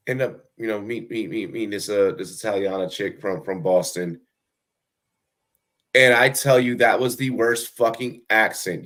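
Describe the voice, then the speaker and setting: A man's voice: lowish voice, fairly bright tone. A young man hosting a fantasy football show, chatting casually and profanely, rambling with lots of fillers and restarts over a remote call. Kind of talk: casual profane podcast chat.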